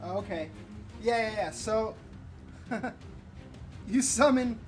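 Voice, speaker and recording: A man runs a tabletop game as game master in a relaxed, casual way, laughing easily. His voice sits a little high. Music plays clearly behind him. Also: slow.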